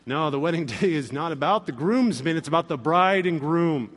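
A man preaching a sermon in an animated way, acting out quoted voices with humor. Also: fairly high pitch, normal speed, few pauses, big-room sound. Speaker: pastor.

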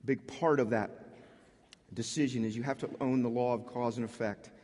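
A man preaching a sermon as a pastor, talking in a conversational way with frequent restarts and animated asides. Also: medium pitch, moderate pace, long reverb tail.

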